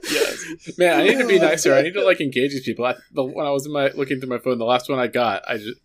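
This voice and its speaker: A man chatting casually on a podcast, excitable and laughing into his lines. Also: medium pitch, fast talker. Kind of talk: casual chat.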